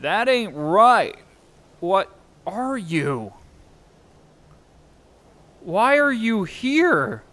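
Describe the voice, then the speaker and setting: A man's voice: high-pitched, very animated, extremely slow, long pauses, a bit bright. Jumpy, swearing young man playing a game. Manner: jumpy, swears often, self-mocking. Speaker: gameplay streamer. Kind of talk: let's-play commentary.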